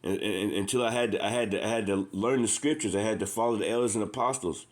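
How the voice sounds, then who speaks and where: A man's voice: on the low side, fast. A man preaching informally and with passion, repeating himself, reading scripture aloud between his own words. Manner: impassioned, repetitive, says "man" often. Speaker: street preacher.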